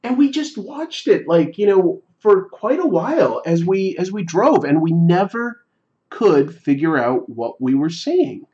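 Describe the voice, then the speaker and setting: A man's voice: a little high, big pitch swings, darkish tone, lo-fi sound. Rambling man telling a story on a livestream. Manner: rambling, reflective, halting. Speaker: livestream host. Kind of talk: casual storytelling while drawing on a livestream.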